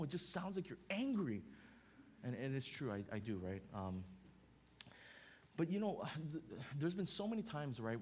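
Loud, expressive male preacher. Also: on the high side, slightly rough. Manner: loud, expressive preaching with frequent "right?" asides. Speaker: pastor. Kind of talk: sermon.

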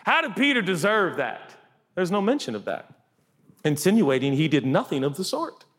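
Animated preacher man in a big hall. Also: moderate pace. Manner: animated, acts out quotes with big jumps in pitch and volume. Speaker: pastor. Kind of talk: sermon. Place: church hall. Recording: long reverb of a large hall.

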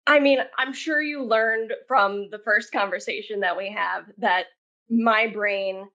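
A woman guest on a podcast telling stories casually, chatty and expressive. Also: mid-range voice, a little slow, lo-fi sound. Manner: chatty, talks with her hands, many "like" fillers. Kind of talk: casual storytelling.

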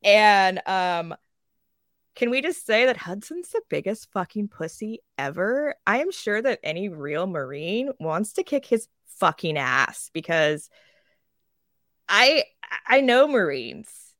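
A woman co-hosting a casual podcast. She rants in a lively way, swears freely and acts out quoted characters. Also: mid-range voice, takes it slowly, no echo, studio quality. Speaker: podcast co-host.

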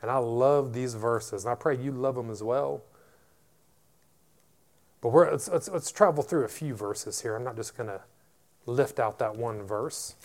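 A man's voice: mid-range voice, measured pace, pauses often, a little mellow. A male pastor preaching a sermon to his church, building to emphatic declarations and repeating words as he goes.

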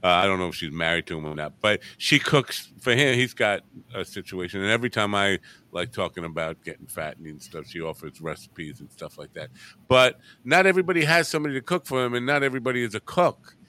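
A man's voice: on the low side, fast talker, sharp tone, no room sound. A middle-aged man hosting a casual chat show, teasing his guest and joking gloomily about himself. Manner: teasing, gloomy and self-mocking. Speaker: show host.

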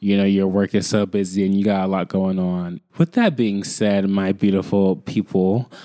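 A young man hosting a podcast, telling a rambling casual story full of fillers, in quick bursts. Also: sits low, warm tone, no echo, studio quality. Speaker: podcast host.

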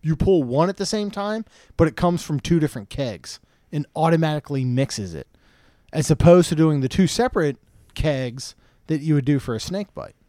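A man's voice: fairly high pitch, lively intonation, normal speed, warm tone, no echo, clean studio sound. A man co-hosting a podcast in casual chat, easygoing and agreeable, telling family anecdotes. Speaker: podcast co-host.

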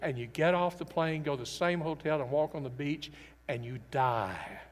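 A male pastor preaches with earnest emphasis, his somewhat high voice rising to loud declarations and dropping to near-confiding quiet. The sound trails off in the long reverb of a large hall. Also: normal speed. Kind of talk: sermon.

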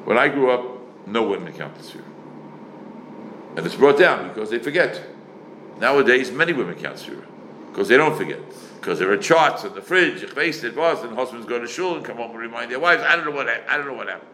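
Older male rabbi, lively pitch, leaps high for emphasis; faint noise behind. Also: a little fast, echoey room, low-quality recording. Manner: animated, emphatic, swings his voice up sharply for stress; sprinkles Yiddish and Hebrew words. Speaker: rabbi answering questions. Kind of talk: question-and-answer talk on Jewish law.

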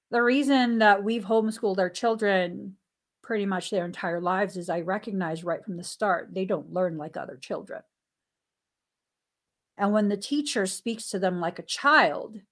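Woman guest, casual anecdotal storyteller; animated delivery with frequent laughter and acted-out dialogue. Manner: animated, laughs often while telling stories; acts out dialogue with sudden pitch jumps. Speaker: stay-at-home mom and podcast guest.

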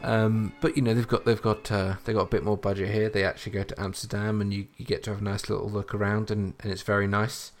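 A man co-hosting a podcast, chatting in a relaxed, appreciative way about a sitcom. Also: on the low side, quick pace, hardly any pauses, soft background music. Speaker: podcast co-host reviewing a sitcom. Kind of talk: casual chat.

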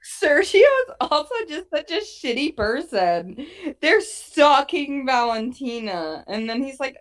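Woman podcast co-host, casual recap chat, animated delivery with frequent swearing. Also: fairly high pitch, measured pace. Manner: animated, swearing, acts out quotes.

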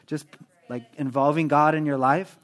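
A man preaching a sermon in a church, in a lively, conversational manner that acts out everyday prayers. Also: fairly high pitch, moderate pace. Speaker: pastor.

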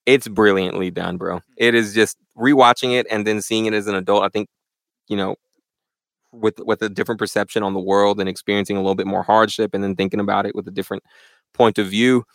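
A young man chatting casually as a guest in a church interview, animated and full of slang. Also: on the low side, fast talker, creaky, dry recording. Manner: animated, slangy, says "bro" a lot. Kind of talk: casual chat.

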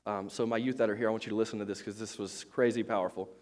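A man's voice: fairly low pitch, fairly even intonation, racing, a little mellow. A male pastor preaching a casual, chatty sermon to his congregation, joking at his own expense and restarting sentences often with many fillers.

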